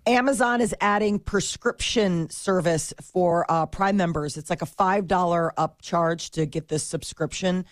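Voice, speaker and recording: A woman's voice: on the low side, measured pace, few pauses, no room sound, studio quality. A woman co-hosting a morning radio show, reading news items in a loose, chatty way. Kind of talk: casual morning radio chat.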